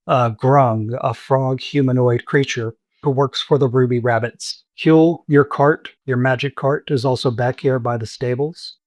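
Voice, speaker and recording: A man running a tabletop game as game master, explaining rules and scenes in a relaxed way. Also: mid-range voice, dry recording.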